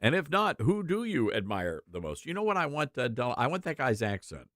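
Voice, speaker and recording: A man hosting a talk show, giving opinionated commentary in an animated, mocking way. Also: medium pitch, brisk, dry recording, studio quality. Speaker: radio talk show host.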